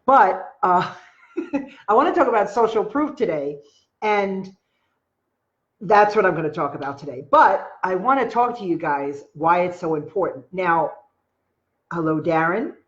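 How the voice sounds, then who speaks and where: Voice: medium pitch, expressive, measured pace, pauses often, a bit bright, lo-fi sound. A live-stream host with a Long Island New York accent, talking casually and rambling to viewers with lots of filler words and greeting them by name.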